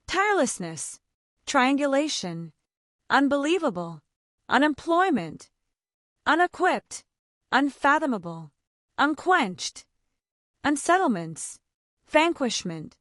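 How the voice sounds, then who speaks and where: A woman reads single words aloud one after another, slowly and with care. Her voice sits a little high and moves up and down a lot from word to word. The sound is dry and close, with no room around it. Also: fairly bright tone, dry recording. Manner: slow, careful, word by word. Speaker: pronunciation reader. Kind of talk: reading a word list aloud.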